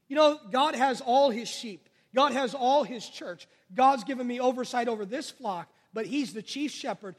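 Male pastor, very high voice, call-and-response sermon, long church reverb. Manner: call-and-response preaching, rising and falling in volume.

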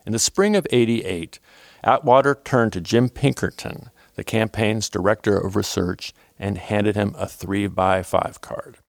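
Low gravelly male podcast narrator. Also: no room sound, studio quality. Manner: measured, documentary narration. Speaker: podcast host. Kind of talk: scripted narration.

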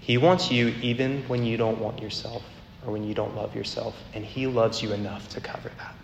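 Man, earnest sermon, repetitive cadence, slowing for emphasis, long hall echo, faint background hum. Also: lowish voice, steady tone, gravelly, lo-fi sound. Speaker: campus minister preaching. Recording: echoey hall, faint ambience.

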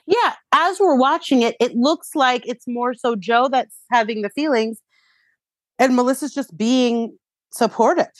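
A woman co-hosting a podcast, chatting casually about a reality show and reacting quickly and animatedly. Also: on the high side, dry recording. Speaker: podcast co-host.

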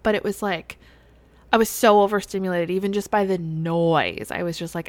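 A woman's voice: fairly low pitch, steady tone, normal speed, no room sound. A woman in her thirties hosting a solo podcast, talking candidly and chattily with many fillers. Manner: candid, chatty, heavy use of "like". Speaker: podcast host. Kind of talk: solo podcast confessional chat.

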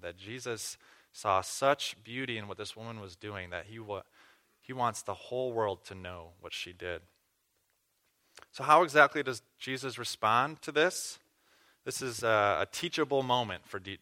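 A man's voice: lowish voice, expressive, moderate pace, bright, forceful tone. A man preaching a sermon, teaching earnestly through a scripture passage with questions to the listeners. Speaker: pastor.

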